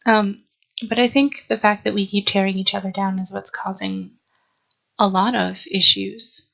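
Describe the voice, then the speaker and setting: A young woman talks unscripted to her camera, earnest and a bit sleepy, stopping and restarting her thoughts. Her voice has a gravelly fry to it, and the recording sounds dull and muffled. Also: mid-range voice, fairly even intonation, sharp tone. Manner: earnest, halting, with frequent ums and restarts. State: sleepy, yawning. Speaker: vlogger. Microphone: camera mic.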